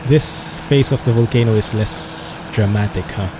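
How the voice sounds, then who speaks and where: A man's voice: on the low side, measured pace, background noise. A man streaming a flight simulator, chatting in a rambling, amused way as he flies and talks to viewers. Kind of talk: casual gameplay commentary.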